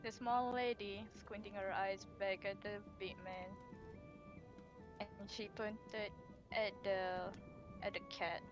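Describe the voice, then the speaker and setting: A woman's voice: mid-range voice, steady tone, slow pace, music in the background. A woman playing a tabletop role-playing game, narrating her small character's actions in the third person. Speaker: player.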